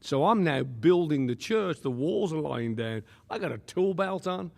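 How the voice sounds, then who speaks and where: A man, a pastor and podcast guest, telling stories in a lively way, laughing often and acting out the quotes. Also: fairly high pitch, moderate pace, creaky. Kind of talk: animated storytelling. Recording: long room reverb.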